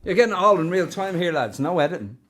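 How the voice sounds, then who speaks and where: A man's voice: sits high, animated, fast. An Irish man chatting casually as he unboxes and looks over a guitar, thinking aloud with fond asides. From Ireland. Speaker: guitar reviewer.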